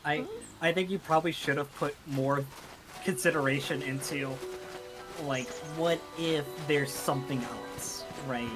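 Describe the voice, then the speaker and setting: A man's voice: on the high side, fairly even intonation, measured pace, over loud music, low-quality recording. A man chatting casually with a streamer, giving blunt, joking takes on the game. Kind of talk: casual chat.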